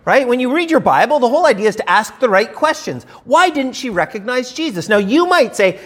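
Male preacher, sermon, very lively pitch, chatty Bible teaching, rhetorical questions, repeats words. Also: a little fast, hardly any pauses. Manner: frequent repeated words and restarts.

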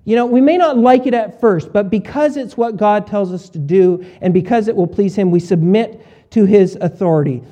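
Male pastor, high mellow voice, informal sermon delivery full of acted-out asides. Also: normal speed, few pauses. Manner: conversational preaching with shifts in volume and voiced asides.

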